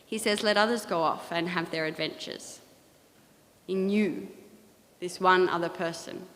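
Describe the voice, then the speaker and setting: A woman with a fairly low voice gives a measured, reflective lecture on poetry. She speaks with care and now and then restarts a word. Her voice carries a long reverb from the large church space around her. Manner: measured, thoughtful, with occasional restarts. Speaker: speaker giving a talk on poetry.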